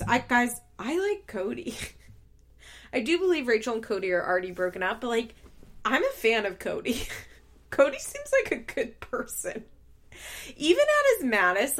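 A woman telling a story in a casual, chatty way, animated and quick to laugh, full of filler words. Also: a little high. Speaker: show recapper.

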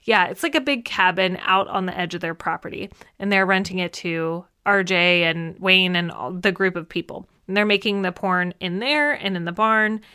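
A woman's voice: medium pitch, bright, forceful tone, clear, resonant tone. A woman co-hosting a podcast, chatting casually about a film with many fillers and frequent laughs. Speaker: podcast co-host.

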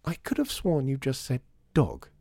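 A man's voice: mid-range voice, huge pitch swings, normal speed, a little mellow, no room sound, pitched above the performer's own voice. Man voicing a dry, wry father. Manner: dry, sardonic.

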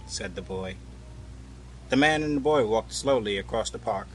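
A man narrating a storybook tale in a measured, unhurried way. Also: lowish voice, lively intonation, a little hiss or hum, poor audio.

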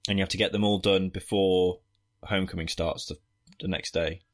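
This podcast co-host walks through a film's plot, meandering and cracking jokes with frequent fillers along the way. He speaks a little fast in a low-pitched, steady voice.

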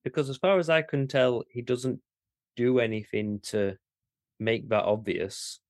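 A man co-hosting a podcast in casual chat, animated and incredulous, with some swearing and restarts. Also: medium pitch, unhurried, dry recording, studio quality. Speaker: podcast co-host.

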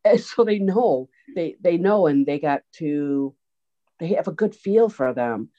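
Animated storytelling woman, dull recording. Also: sits low, a little slow. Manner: animated storyteller, acts out quoted voices. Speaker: guest, autism program organizer. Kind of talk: storytelling interview answers. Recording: dull lo-fi sound.

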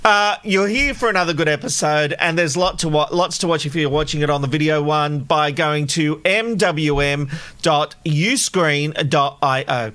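A man's voice: on the high side, normal speed, sharp tone, clear, resonant tone. A man co-hosting a true crime podcast, joking with his co-host and presenting news items.

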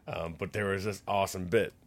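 A man's voice: low voice, steady tone, a little fast. A man co-hosting a podcast, chatting casually and rambling with many fillers. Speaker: podcast co-host. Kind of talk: casual chat.

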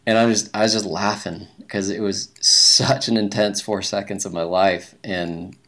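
A man's voice: lowish voice, fairly even intonation, a little slow, sharp tone. A man telling a long story in a casual interview, rambling with plenty of fillers and restarts. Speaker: guest, big-mountain skier.

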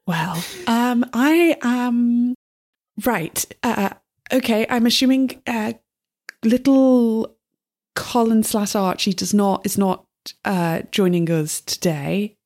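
A woman's voice: fairly high pitch, slow, a little mellow. A woman playing her character in a tabletop game, flustered and overly polite. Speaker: player. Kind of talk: in-character tabletop role-play.

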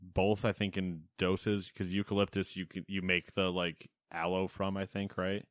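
A man's voice: sits low, flat delivery, normal speed, dry recording, clean studio sound. A man co-hosting a video game podcast, chatty and joking as he banters and runs through new releases. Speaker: podcast co-host. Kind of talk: casual banter and news rundown.

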